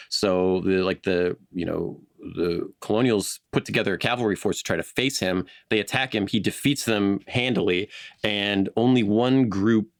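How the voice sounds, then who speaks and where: Low-pitched guy rambling through a history story, laughs a lot, dry close sound. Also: no echo. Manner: animated, laughs often, acts out quotes. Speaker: podcast co-host telling the history. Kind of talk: casual storytelling chat.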